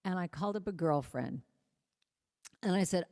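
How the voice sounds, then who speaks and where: An American woman speaks gently and earnestly in a spiritual talk, lingering on key phrases. Her voice sits slightly low. Long reverb from a large hall trails after her words. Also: a little fast, vocal fry. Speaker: musician and inspirational speaker. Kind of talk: spiritual talk with sung chant.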